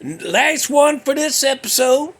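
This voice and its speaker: A man's voice: very high-pitched, lively intonation, slow, a bit bright. A man, hosting a casual, rambling monologue full of folksy jokes and asides. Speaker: podcast host. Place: cold room with a space heater.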